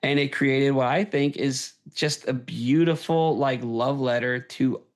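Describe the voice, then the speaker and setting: Guy hosting a podcast, excited casual chat, keeps saying right?. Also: mid-range voice, measured pace. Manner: enthusiastic, tags "right?" onto points. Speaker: podcast host.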